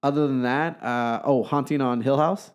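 A man co-hosting a podcast in casual chat, telling stories in an animated, easygoing way. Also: medium pitch, moderate pace, clear, resonant tone. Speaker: podcast co-host.

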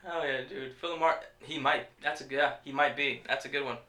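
A man's voice: medium pitch, fairly even intonation, fairly quick, bright, forceful tone. A man hosting a podcast in casual chat, rambling and cursing, stumbling over names. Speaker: podcast host. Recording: echoey room.

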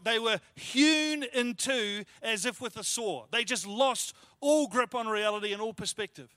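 High-voiced pastor preaching in a dry room. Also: male voice, pushed and bright, no echo. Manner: expository, conversational, emphatic with repetition. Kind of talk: sermon. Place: church.

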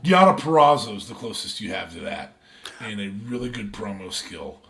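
A man's voice: lowish voice, big pitch swings, normal speed, gravelly, pushed and bright. A man co-hosting a casual podcast chat, hesitant, with many ums and restarts as he thinks aloud. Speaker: podcast co-host.

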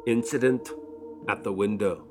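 A man narrating an audiobook in a measured, solemn manner. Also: on the low side, steady tone. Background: faint violin music.

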